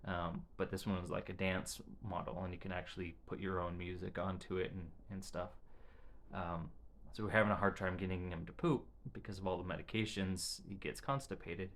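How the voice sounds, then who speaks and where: A man giving a casual vlog update about his family, talking in halting phrases and often restarting them, into a camera he adjusts himself. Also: low-pitched, steady tone, a bit bright.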